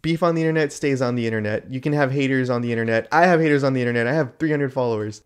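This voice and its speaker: A man in a YouTube rant video, talking in an indignant, exasperated way. His voice sits at an ordinary male pitch, and he leans hard on his outrage. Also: rapid-fire, smooth.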